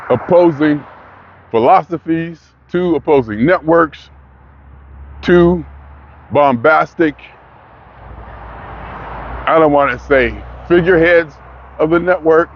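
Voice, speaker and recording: A man's voice: fairly high pitch, dull audio, slight background noise. A man in a casual monologue, rambling and questioning himself, sometimes mocking others in put-on voices. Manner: rambling, self-questioning, restarts often. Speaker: vlogger.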